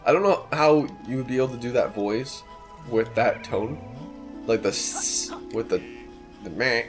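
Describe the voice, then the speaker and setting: A man's voice: medium pitch, a little slow, faint music behind. A young man casually commentating a video game with a friend, joking, teasing, and swearing freely. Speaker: let's play co-host.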